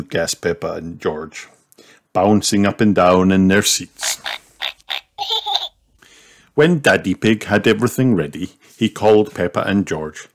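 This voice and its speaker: A man reading a children's storybook aloud, gentle and measured. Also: deep voice. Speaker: narrator.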